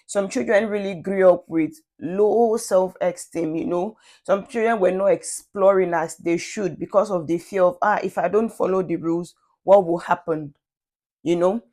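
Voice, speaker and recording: A woman's voice: on the low side, a little mellow. A woman vlogger talking through her views in a casual, thoughtful monologue, often restarting sentences and adding conversational asides. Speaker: parenting vlogger.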